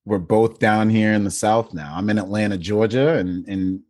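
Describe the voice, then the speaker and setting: A man's voice: lowish voice, moderate pace, a little mellow, dry recording, clean studio sound. A man in his forties from Maine, co-hosting a podcast in a laid-back, chummy way, cursing now and then. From Maine, USA. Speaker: podcast co-host, remote work consultant. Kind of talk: casual podcast chat.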